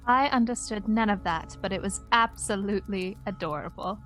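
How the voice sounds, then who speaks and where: A woman player at a tabletop game, speaking softly and casually. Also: mid-range voice, moderate pace, faint music behind.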